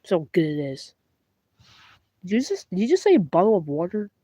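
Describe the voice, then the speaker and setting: A woman's voice: fairly low pitch, huge pitch swings, moderate pace, background noise. Young British woman bickering with herself. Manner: bickering back and forth between two characters in one voice; stumbling, restarting and rambling. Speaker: puppeteer voicing plush toys. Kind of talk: playful plush puppet skit.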